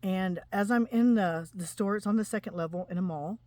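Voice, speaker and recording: A woman in her forties tells a heartfelt personal testimony, earnest and emotional, often breaking off and restarting. Her voice sits at an ordinary middle pitch. The sound is dry and close, with no room around it. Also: a little fast, dark tone, dry recording. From Utah, USA. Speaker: spiritual vlogger.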